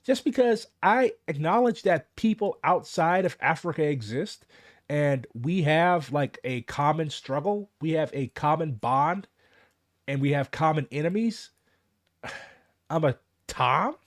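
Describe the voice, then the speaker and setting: American guy ranting, cussing, kinda high voice, dry close sound. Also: expressive, a little slow, no room sound. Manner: profane, exasperated, voice jumping high when worked up. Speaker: political commentator. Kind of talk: casual rant to camera.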